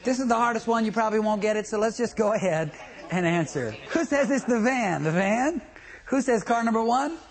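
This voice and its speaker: Brisk and animated at a medium pitch, this traffic school instructor runs a comic class lecture. The talk mixes jokes and stories with quizzing the room.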